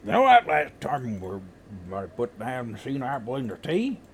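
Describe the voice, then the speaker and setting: A man's voice: medium pitch, huge pitch swings, normal speed, slight background noise. A man voicing an old rustic male gardener with a put-on West Country accent, rambling in folksy dialect. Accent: West Country English, put on.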